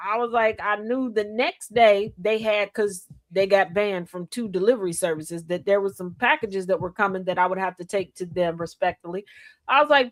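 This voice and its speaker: A woman's voice: mid-range voice, moderate pace. A woman hosting a casual talk show, telling a funny story with wry asides and acted-out quotes. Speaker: podcast host.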